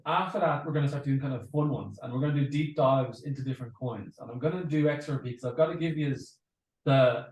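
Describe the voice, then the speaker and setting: A man's voice: mid-range voice, fast, a little mellow. Irish male teacher, distant and echoey. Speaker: crypto course teacher.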